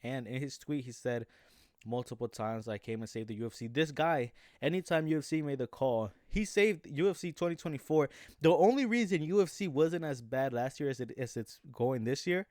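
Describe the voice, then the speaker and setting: A man's voice: fairly high pitch, lively intonation, moderate pace, a little mellow, no echo, studio quality. A man talking casually about fight news in a rambling way, full of restarts and fillers. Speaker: MMA commentary YouTuber. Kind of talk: casual talk.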